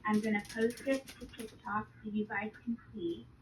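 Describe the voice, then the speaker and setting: A woman's voice: medium pitch, little pitch movement, normal speed. A woman sharing a spiritual vision in casual spoken testimony, earnest and urgent, with loose fillers as she explains. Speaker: Christian speaker sharing a vision. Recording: tinny phone-like audio with faint background noise.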